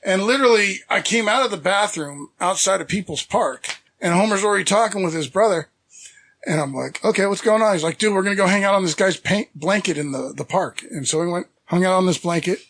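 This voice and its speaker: A man's voice: high-pitched, fairly bright tone. A middle-aged man from the San Francisco Bay Area, a podcast guest telling rambling, self-deprecating stories in casual chat and acting out what people said. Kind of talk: casual storytelling.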